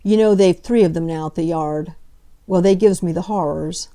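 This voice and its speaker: A slow, stolid young detective, read by a woman in a low, mellow voice. He speaks plainly and deliberately, in working-class phrasing. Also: close to an everyday voice. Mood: grim.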